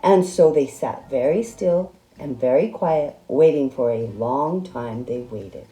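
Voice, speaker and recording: A woman narrating a children's picture book in an expressive, playful reading style. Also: rumbling low, slow pace, roomy sound. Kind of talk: storybook read-aloud.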